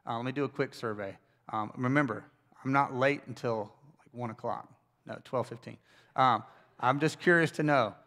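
A male pastor delivers a sermon from the pulpit, talking like he is chatting with friends. He drifts into personal stories and drops wry asides along the way. His voice sits at an everyday middle pitch. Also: normal speed, fairly bright tone. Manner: conversational storytelling with wry asides. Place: church service.

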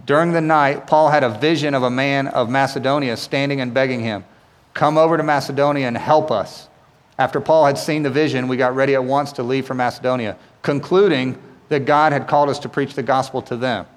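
A man's voice: medium pitch, fairly even intonation, brisk, long reverb tail. A man pastor giving a sermon in a casual, conversational way, often asking rhetorical questions and checking in with "right?".

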